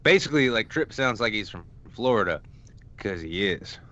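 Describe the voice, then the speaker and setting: A man's voice: lowish voice, animated, normal speed, a bit bright, lo-fi sound. A man co-hosting a podcast in casual chat, dry and joking, often trailing off and restarting. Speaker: podcast co-host. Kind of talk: casual chat, presenting news articles.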